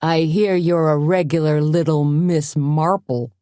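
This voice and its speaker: A woman's voice: low voice, steady tone, unhurried, dark tone, clear, resonant tone, no echo, clean studio sound. A woman voicing a drunk, menacing man at a bar, barking threats.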